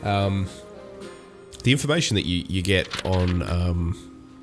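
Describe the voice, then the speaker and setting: A man's voice: sits low, animated, slow pace, music in the background. An Australian man giving casual gameplay commentary, rambling with many ums and restarts. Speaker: gaming YouTuber.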